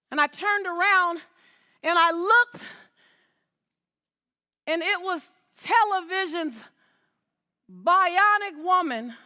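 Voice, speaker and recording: Woman doing a motivational stage talk, bright forceful voice, emphatic, keeps calling out to the crowd. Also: very high voice. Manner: emphatic, repeats words, calls out to the audience. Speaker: motivational speaker. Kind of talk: inspirational stage talk to a large audience.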